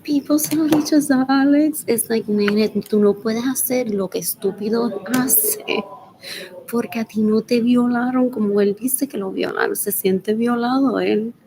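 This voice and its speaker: A woman rambling through a solo livestream, mixing English and Spanish, drifting between loud talk and near-whispers and repeating questions to herself. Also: a little high, noisy background. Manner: mixes English and Spanish mid-sentence.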